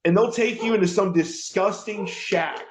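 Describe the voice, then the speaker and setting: Profane laughing man ranting in a roomy room. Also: moderate pace. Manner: profane, laughing, mimics people in high voices. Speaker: radio show host. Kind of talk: casual ranting chat. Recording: roomy, dull lo-fi sound.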